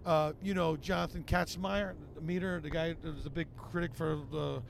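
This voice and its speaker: Male comedian guest with a high, gravelly voice. Animated, profane storyteller who acts out the people in his stories. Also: normal speed, a little hiss or hum. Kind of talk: podcast storytelling.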